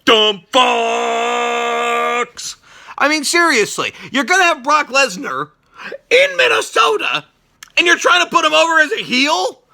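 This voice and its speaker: A man hosting a wrestling reaction show, ranting loudly and sarcastically and swearing constantly. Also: very high-pitched, sing-song, moderate pace. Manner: loud, sarcastic, swears constantly, shouts often. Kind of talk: profane ranting review.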